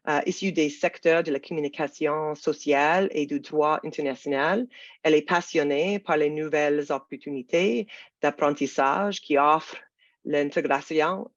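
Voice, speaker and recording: A webinar moderator with a gravelly voice, irritated by smoky air, speaking in a halting, hedging way over a video call. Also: mid-range voice, no room sound. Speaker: panel moderator. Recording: dull, dry video call audio.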